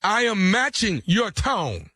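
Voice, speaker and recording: A man working as a radio show prank caller, talking in a loud, pushy, animated way. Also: high voice, slow, no room sound, studio quality. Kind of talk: prank phone call and radio banter.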